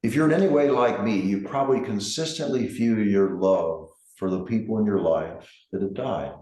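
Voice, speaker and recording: Middle-aged guy, grief counselor talk, low soft voice, roomy echo around him. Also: normal speed. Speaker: grief counselor and center director. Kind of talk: reflective talk to camera.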